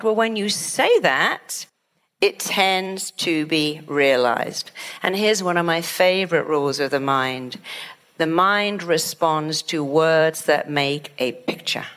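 A middle-aged woman speaks in a fairly low voice, giving a motivational talk. She is animated and lively, and she acts out worried inner chatter before turning it around. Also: slow. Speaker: author and speaker.

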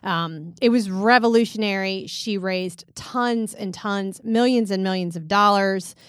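A woman co-hosting a podcast, telling stories in an animated casual way. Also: mid-range voice, unhurried, clean tone, dry recording, studio quality. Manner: animated storyteller, acts out quotes. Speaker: podcast co-host. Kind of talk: casual chat.

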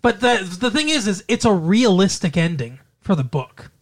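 This podcast co-host rambles through movie plots in loose, animated casual chat. The voice sits at an ordinary middle pitch and wanders from point to point. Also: normal speed.

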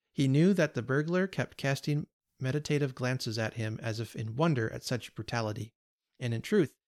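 A man reading a classic story aloud in a steady, measured narration. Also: medium pitch. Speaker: podcast story reader.

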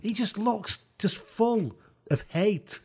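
A man's voice: high-pitched, animated, slow, a little mellow, a little hiss or hum. Joking man. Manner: chatty, joking, laughs often. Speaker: podcast co-host. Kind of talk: casual sports chat.

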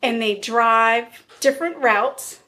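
A woman's voice: on the high side, takes it slowly, sharp tone. A woman hosting a podcast, casually telling a true crime case in a blunt, chatty way. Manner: conversational, blunt, laughs often. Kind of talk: casual storytelling.

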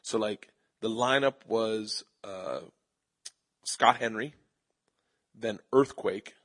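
A husky man spins animated comedy stories as an interview guest. He jumps into quick impressions of the people in his tales, with a slightly breathy edge to his voice. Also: fairly low pitch. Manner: animated storyteller doing quick voices of others. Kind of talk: storytelling interview. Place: live audience at a comedy festival.

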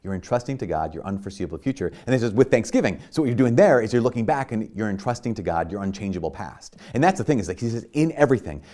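A man's voice: on the low side, animated, quick pace, hardly any pauses, warm tone. A man preaching a sermon in an earnest, conversational way, with many fillers and restarts.

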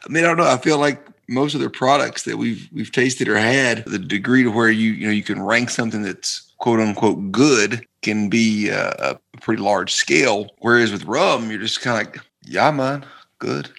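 A man co-hosting a casual tasting podcast, speaking in a halting, hesitant way. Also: fairly low pitch, creaky, fairly bright tone. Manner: halting, hesitant, many restarts. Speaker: podcast co-host.

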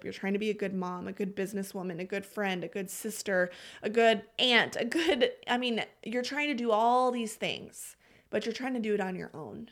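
A woman hosting a faith-based podcast speaks in a mid-range, fairly bright voice, earnest, heartfelt and close to tears. Her tone is confessional, and she calls her listeners y'all and friend.

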